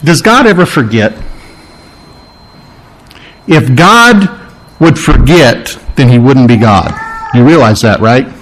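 A man preaching a sermon, emphatic and repetitive, pausing to explain Greek words. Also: medium pitch, animated, fairly bright tone, poor audio. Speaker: pastor.

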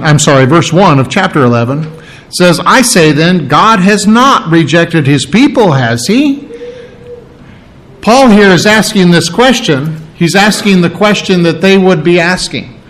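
A middle-aged man giving a verse-by-verse Bible teaching, unhurried and explanatory, pausing on fillers as he works through the text. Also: on the high side, poor audio. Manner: unhurried, with frequent fillers and restarts while explaining.

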